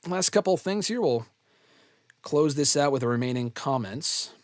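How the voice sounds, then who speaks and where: A man's voice: on the high side, expressive, normal speed, no echo. Blunt, chatty man on a dry mic. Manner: loose, blunt, casual swearing, frequent "um" and "I mean". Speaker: host answering fan questions. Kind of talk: casual live Q&A chat.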